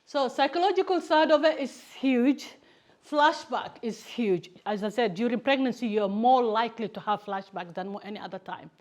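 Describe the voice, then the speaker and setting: A woman, Somali her first language, speaking to students in a raised, higher-than-usual voice. She tells stories with animation and slips into acted voices for people she describes. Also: normal speed. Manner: animated storytelling, acts out family members' voices. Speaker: campaigner giving a talk to students. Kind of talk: lively personal talk.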